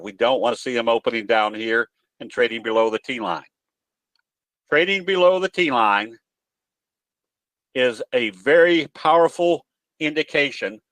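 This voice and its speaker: A man's voice: medium pitch, fairly bright tone, no room sound. A man presenting candlestick trading analysis in an online webinar from his home office, explaining in a folksy way and telling jokes. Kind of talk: webinar teaching talk.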